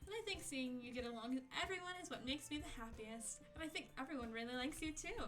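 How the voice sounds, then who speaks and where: A woman's voice: sits high, quick pace, music in the background, lightly acted. A woman voicing a cheerful, bubbly teenage schoolgirl in a sing-song way, reading visual novel lines aloud. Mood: cheery.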